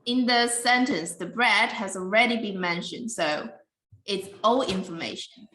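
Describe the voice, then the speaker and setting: Bright-voiced woman teaching English online. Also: medium pitch, roomy sound, poor audio. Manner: explains slowly and patiently. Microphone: video call.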